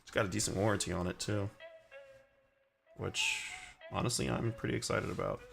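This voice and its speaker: A man with a low, gravelly voice talks casually on a livestream as he paints. He rambles, fills gaps with "like" and "uh", and answers his chat. Soft music plays quietly under him. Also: fairly even intonation, racing. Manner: rambling and chatty, full of fillers and chuckles, reads chat aloud.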